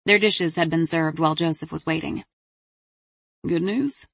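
A woman narrating a crime thriller audiobook in an even, measured reading. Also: sits low, creaky, dry recording.

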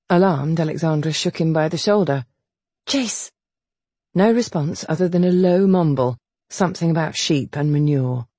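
A woman reads a period romance audiobook with animated, expressive storytelling. Her voice sits low with lively rises and a husky, breathy texture. The recording is close and dry. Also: dry recording. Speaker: audiobook narrator. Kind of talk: scripted narration.

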